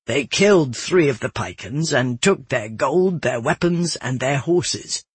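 A man voicing a calm, wise old male roadmaster in an audiobook, speaking slowly and softly. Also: medium pitch, slightly rough, no echo. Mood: matter-of-fact. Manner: slow, soft-spoken. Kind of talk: audiobook narration.

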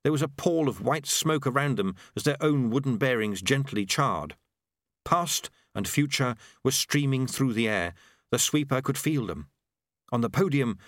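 A man reading a novel aloud in measured, expressive scripted narration. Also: medium pitch, no echo, studio quality. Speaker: audiobook narrator.

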